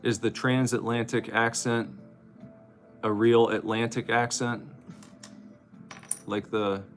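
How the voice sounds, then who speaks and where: A man's voice: mid-range voice, little pitch movement, slow pace, faint music behind. A man hosting a livestream, chatting casually and joking playfully. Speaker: streamer host.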